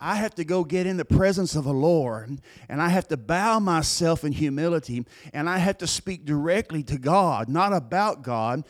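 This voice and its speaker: A man's voice: on the high side, animated. Earnest man preaching a sermon. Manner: earnest, plain-spoken, storytelling with pauses and restarts. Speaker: pastor.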